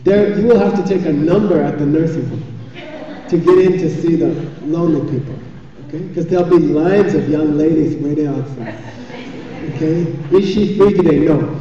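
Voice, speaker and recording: Teacher, man, dark and mellow voice with a slight lift in pitch, joking and chatty, heard from far off in a reverberant hall. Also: normal speed. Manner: chatty and joking, keeps checking in with "okay?". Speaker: spiritual teacher. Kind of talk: live dharma teaching. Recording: echoey hall, far from the mic, dull sound.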